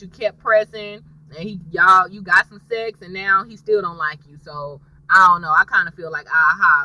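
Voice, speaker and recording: A woman's voice: medium pitch, sharp tone, dry recording, poor audio. A woman, casually recapping a TV episode for viewers, chatty and sassy, calling them y'all.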